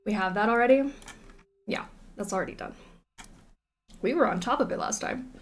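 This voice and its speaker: A woman streaming a mystery game, chatting and thinking out loud as she reads the game's text aloud. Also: mid-range voice, normal speed. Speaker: gaming streamer. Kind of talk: casual let's-play commentary, reading game text aloud.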